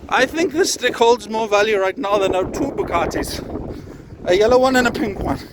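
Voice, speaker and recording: A man's voice: high voice, moderate pace. A man in his thirties vlogging while walking on a beach, rambling in a mock-grand, jokey, profane way and a little out of breath. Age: 30s. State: tired, slightly out of breath from walking. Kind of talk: casual walking vlog. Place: outdoors on a windy beach. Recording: wind noise over phone mic.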